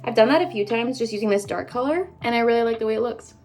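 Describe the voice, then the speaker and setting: Bubbly 20-something canadian girl rambling through her makeup routine, kinda high voice. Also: fast talker, darkish tone, faint music behind. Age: 20s. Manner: chatty, bubbly, rambling asides to viewers. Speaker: beauty vlogger. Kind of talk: casual get-ready-with-me chat.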